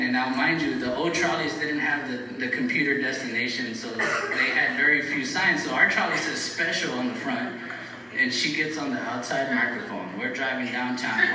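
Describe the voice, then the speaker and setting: Man, middle-aged, farewell speech, laughing anecdotes, heavy echo, distant mic. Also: mid-range voice. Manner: storytelling with frequent laughter. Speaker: bus operator giving a farewell speech. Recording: echoey room recorded from afar, loud ambient noise.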